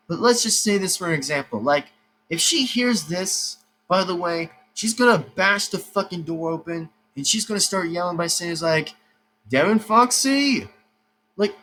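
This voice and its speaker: A man's voice: on the high side, a bit bright, slight background noise, rough recording. Agitated young man ranting. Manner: agitated, repetitive, swearing. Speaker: YouTuber. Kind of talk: angry rant to camera.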